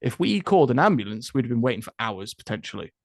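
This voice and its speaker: A man's voice: mid-range voice, sing-song, fast talker, vocal fry, dry recording. Talkative British man, dry sound. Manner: talkative, laughs often while telling stories. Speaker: podcast guest. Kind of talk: casual conversational storytelling.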